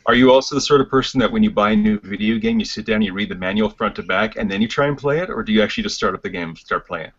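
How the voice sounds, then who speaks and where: A man's voice: on the low side, racing, few pauses, a bit bright. A man chatting casually on a podcast, telling wry stories about office life. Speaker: podcast guest, game designer. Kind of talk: casual chat. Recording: muffled lo-fi podcast audio.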